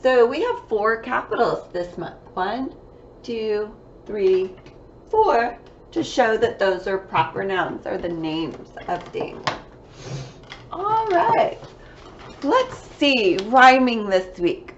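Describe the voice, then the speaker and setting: A woman teaching a young class remotely, with a sing-song manner and drawn-out words. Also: fairly high pitch, big pitch swings, muffled recording, slight background noise. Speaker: kindergarten teacher.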